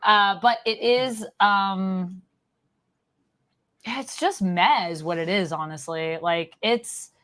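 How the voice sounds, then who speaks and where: Woman host, mid-range voice, relaxed rambling chat delivery. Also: medium pitch, takes it slowly. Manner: chatty, with many fillers and trailing thoughts. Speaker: podcast host. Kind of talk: casual chat.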